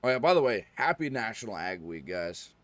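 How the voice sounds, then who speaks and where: A man streaming a farming game, chatting casually and rambling, often clearing his throat. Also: on the low side, sing-song, a little fast, no echo. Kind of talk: casual live-stream chat.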